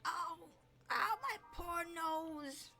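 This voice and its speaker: A woman's voice: medium pitch, big pitch swings, unhurried, a bit bright. A woman voicing a grumpy male sea creature with a Boston accent, whiny and indignant.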